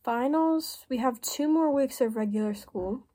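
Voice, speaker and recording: A woman's voice: high-pitched, measured pace, warm tone. Rambly young-sounding woman vlogging. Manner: rambling, filler-heavy with lots of "like"; self-deprecating, chatty asides to viewers. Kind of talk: casual vlog chat while crafting.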